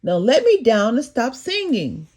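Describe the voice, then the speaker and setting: A woman's voice: fairly high pitch, wildly swooping pitch, unhurried, darkish tone, slightly rough, voice pushed up, full character voice. A woman voicing a grumpy, sleepy little mouse in a storybook, complaining in a cross tone.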